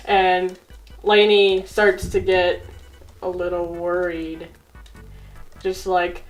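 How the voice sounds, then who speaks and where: A woman's voice: lowish voice, steady tone, takes it slowly, poor audio. A woman casually telling a story while drawing, giggling and teasing her friend. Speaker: co-host telling a drawn story.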